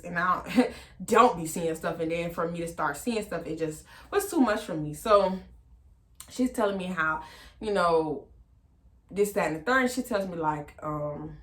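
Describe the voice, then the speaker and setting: A woman casually telling a long personal story, animated and slangy, with lots of fillers, acting out the other voices. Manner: animated, acts out quoted voices with big pitch jumps. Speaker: storytime vlogger.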